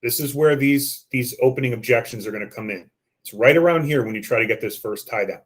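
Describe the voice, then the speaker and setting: A man's voice: medium pitch, fast, fairly bright tone. A man giving a training lesson on phone sales scripts, coaching listeners and acting out the script lines.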